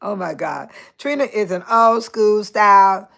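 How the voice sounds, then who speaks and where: An older woman hosting a casual live chat, talking straight to her viewers by name, chatty and animated with frequent laughter. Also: mid-range voice, a little slow, vocal fry, hardly any pauses. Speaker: host.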